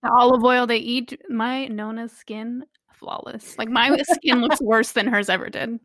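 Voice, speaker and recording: A woman's voice: on the high side, fairly even intonation, a little slow, fairly bright tone, no room sound. A woman chatting casually, throwing in playful jokes. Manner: joking, playful. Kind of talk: casual chat.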